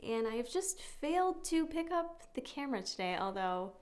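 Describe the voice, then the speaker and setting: A woman's voice: high-pitched, very animated, moderate pace. A young woman talking casually to her vlog camera at home, chatty and candid, swearing now and then. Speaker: fitness vlogger. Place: home, at a meal. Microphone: camera on a tripod.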